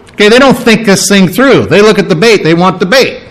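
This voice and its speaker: A man preaching a sermon, animated and playing out quoted voices as he teaches. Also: sits high, brisk, low-quality recording. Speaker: pastor.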